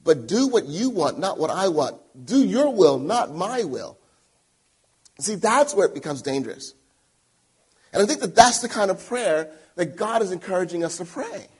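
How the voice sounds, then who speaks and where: A male pastor preaching a sermon, telling stories with sudden loud emphatic bursts and quiet asides. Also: high-pitched, very animated, normal speed, slightly rough.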